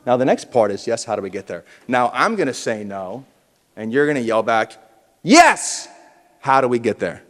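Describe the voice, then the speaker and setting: A man's voice: mid-range voice, fairly quick. Guy pumping up a conference crowd, voice bouncing all over, big echoey hall. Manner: animated, punchy, with audience call-and-response. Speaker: keynote speaker at a realtors conference. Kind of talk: motivational conference speech. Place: large conference hall, indoors.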